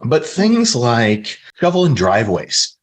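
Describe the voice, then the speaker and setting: A man's voice: medium pitch, wildly swooping pitch, slow. A middle-aged man from the American Midwest, earnestly telling stories from his life as a guest in a casual podcast interview. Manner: earnest, storytelling, reflective.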